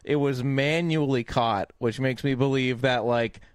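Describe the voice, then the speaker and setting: A man's voice: mid-range voice, measured pace, clear, resonant tone, no echo. A man from Canada co-hosting a movie podcast, telling stories with lots of swearing and laughter. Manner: profane, laughing, animated storytelling. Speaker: podcast co-host reviewing movies. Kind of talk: casual chat.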